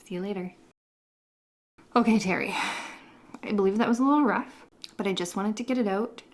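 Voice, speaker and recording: A woman's voice: medium pitch, a little fast. A woman in her thirties records a casual vlog, speaking to camera in an encouraging, supportive way. She wanders a little and talks in circles, but keeps the tone upbeat and friendly. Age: 30s. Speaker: vlogger.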